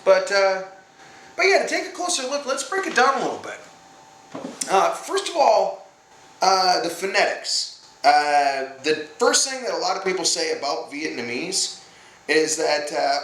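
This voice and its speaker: Animated man with a bright, lively voice. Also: sits high, measured pace. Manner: animated, chatty, full of fillers and jokes. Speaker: language video host. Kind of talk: casual explainer to camera. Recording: echoey room with faint background noise.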